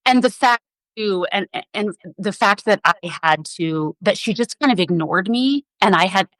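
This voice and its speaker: A woman's voice: mid-range voice, lively intonation, moderate pace, fairly bright tone, dry recording, poor audio. A woman physician assistant, a podcast guest, telling a personal story in an earnest, emotional way.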